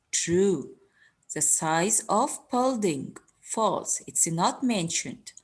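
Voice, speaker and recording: A woman teaching an English lesson, slowly repeating words and giving their meanings. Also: medium pitch, husky. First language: Arabic. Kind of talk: recorded classroom lesson.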